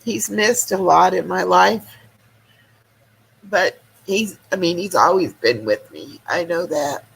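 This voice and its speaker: A woman hosting a livestream, crying and talking to her viewers in halting, broken phrases. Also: on the low side, vocal fry, husky, rough recording. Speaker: livestream host. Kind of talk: emotional casual chat to viewers.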